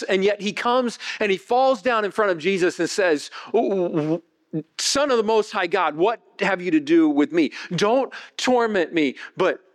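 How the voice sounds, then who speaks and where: A male pastor preaching a sermon, retelling a Bible story vividly and building to excited, high-pitched passages.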